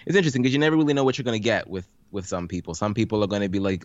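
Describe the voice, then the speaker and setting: A man's voice: on the low side, very fast, no echo, muffled recording. A man co-hosting a podcast, chatting casually about a game show with frequent ums and repeated words. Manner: relaxed, speaks with ums and repeats. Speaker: podcast co-host. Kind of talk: casual podcast recap chat.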